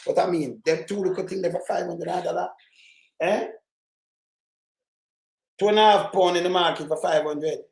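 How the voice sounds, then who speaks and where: Jamaican male commentator, high voice, animated and rambling, roomy echo. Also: moderate pace, gravelly, pauses often. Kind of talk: casual commentary in patois.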